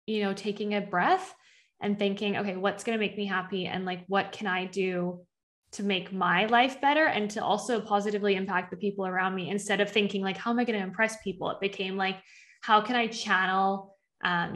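A young adult woman guest on a podcast, telling her story in a casual, chatty way, often saying "like" and acting out her past thoughts. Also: medium pitch. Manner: chatty, heavy use of "like", acts out her own past thoughts. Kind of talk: conversational storytelling.

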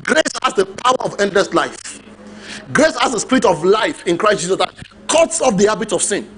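A man preaching with a very high voice that leaps up and down. He presses his points hard and calls for amens from the congregation. A faint hum of room sound sits behind him. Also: moderate pace. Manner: emphatic, animated preaching with call-and-response. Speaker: pastor. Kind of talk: sermon.

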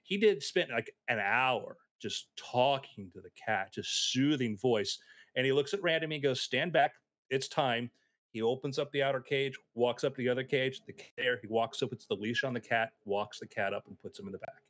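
A man telling anecdotes in a casual chat, animated and acting out the voices of people in his stories. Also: mid-range voice, fairly quick, no room sound. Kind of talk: casual storytelling.

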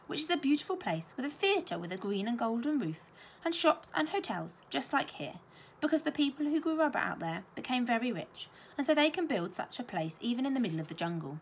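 A polite, hopeful young schoolgirl talks with a lively rise and fall, voiced by a woman reading aloud. Her voice is set a little high, as in a storybook read to a class. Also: fairly quick, slight background noise. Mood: eager.

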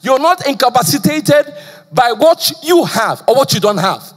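High voice pastor from nigeria, slight stammer, keeps asking the crowd "what?", big echoey church hall. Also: male voice, very animated, normal speed. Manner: call-and-response preaching, repeated "praise the Lord". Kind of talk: sermon. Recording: long church hall reverb.

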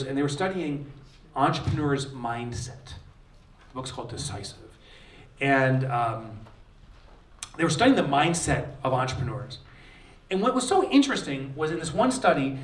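Animated man giving a keynote in a roomy hall. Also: mid-range voice, moderate pace. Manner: animated, acts out quotes with shouts and laughs. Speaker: author giving a conference keynote. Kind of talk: energetic keynote speech with storytelling. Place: large conference hall, live audience. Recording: roomy hall sound, voice a bit distant.

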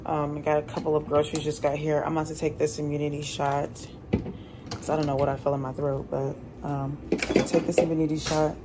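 Young mom vlogging at home, low voice, tired and chatty, noisy room behind her. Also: level tone, a little fast. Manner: chatty, loose, lots of "like" and laughs. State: tired, drained. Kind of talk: casual vlog chat to camera. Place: home kitchen.

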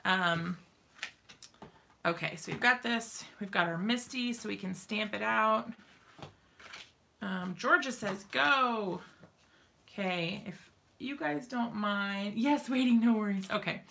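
A woman's voice: medium pitch, takes it slowly, gravelly, long pauses, sharp tone, a little hiss or hum. A woman hosting a crafting live stream from her home craft room, chatting casually and giggling, with many ums and likes.

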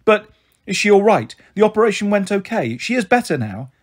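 A man's voice: high voice, big pitch swings, brisk, voice pushed up. A man voicing an anxious young girl who pleads urgently on the phone for her mum, in a storybook reading. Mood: pleading.

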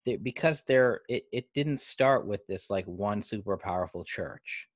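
Man, scholar, lowish voice, measured with hesitant starts, dry close sound. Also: lively intonation, dry recording. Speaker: Islamic studies scholar, host. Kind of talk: conversational dialogue.

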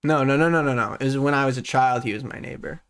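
Young man, playful, laughs a lot, streamer host, casual chat, mid pitch. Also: quick pace, smooth. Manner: laughing, playful, gives shout-outs.

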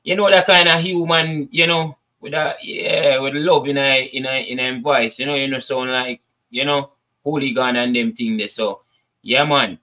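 A man's voice: mid-range voice, fairly even intonation, moderate pace, bright, forceful tone, muffled recording. A man with a Jamaican accent hosting casual commentary, chatting to his viewers in patois. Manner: chatty, addresses viewers as people, patois asides. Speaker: commentary channel host.

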